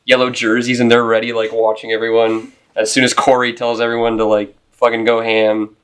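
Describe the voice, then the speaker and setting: A young man co-hosting a casual podcast, describing things excitedly with many fillers. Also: medium pitch, a little fast, clean tone. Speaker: podcast co-host. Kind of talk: casual chat.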